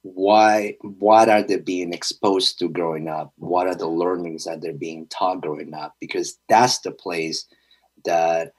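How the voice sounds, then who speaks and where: A man's voice: low voice, fairly even intonation, measured pace, poor audio. A young man, a fitness trainer and interview guest, speaking in an earnest, reflective way with hesitant fillers. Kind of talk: conversational interview.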